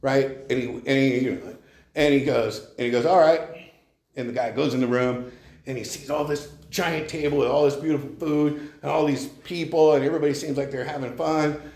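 A man's voice: mid-range voice, fairly even intonation, brisk, a little mellow. Candid man sharing in an echoey room. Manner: candid and conversational, leans on "you know", chuckles often. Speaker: speaker sharing at a recovery meeting. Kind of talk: personal testimony. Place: meeting room, at a podium. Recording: roomy room echo.

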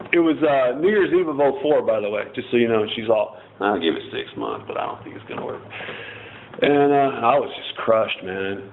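At a recovery meeting, a man shares his story casually, rambling, swearing freely, and making self-mocking jokes. His voice is medium-pitched, and the recording sounds tinny and phone-like with a little hiss or hum.

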